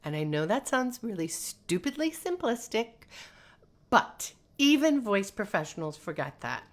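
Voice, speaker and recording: Pitched in the middle range and moving a little slowly, this North American female voice teacher chats through a live-streamed lesson. She reads comments from viewers aloud, her delivery animated and sing-song.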